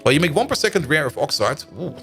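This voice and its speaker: A man's voice: a little high, big pitch swings, fast, vocal fry, bright, forceful tone, faint music behind. A man streaming a game live, chatting and thinking aloud as he plays and laughing often. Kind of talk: live stream commentary while playing.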